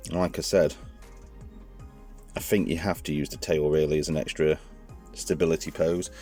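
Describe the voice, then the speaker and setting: A man's voice: rumbling low, little pitch movement, normal speed, mellow, soft background music. A man casually reviewing toys hands-on, chatty and rambling, often correcting himself mid-sentence. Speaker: toy reviewer.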